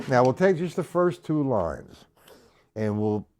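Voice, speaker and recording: Man counting aloud over loud drumming. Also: mid-range voice, big pitch swings, a little slow, over loud music. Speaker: drum teacher. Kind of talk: live-streamed drum lesson. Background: snare drum playing.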